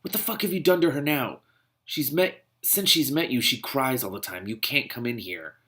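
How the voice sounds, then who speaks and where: A man's voice: mid-range voice, normal speed, sharp tone, close to an everyday voice. A man reading the lines of a fiercely protective young woman roommate, blunt and hostile.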